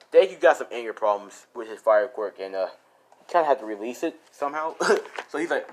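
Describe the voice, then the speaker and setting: A man's voice: medium pitch, animated, brisk, a little hiss or hum. Rambling, profane male storyteller. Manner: rambling, profane, laughing at himself. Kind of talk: improvised spoken fan story.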